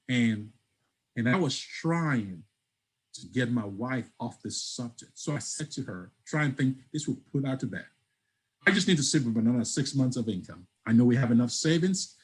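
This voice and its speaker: Animated male storyteller. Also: medium pitch, normal speed, breathy edge, poor audio. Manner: animated storyteller, acts out dialogue. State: breaks up at times on the line. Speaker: guest. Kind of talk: storytelling interview.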